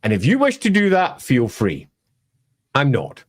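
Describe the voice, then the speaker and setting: Animated Scottish man explaining lore. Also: mid-range voice, unhurried. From Scotland. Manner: emphatic, wry, bursts into mock voices. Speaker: lore presenter.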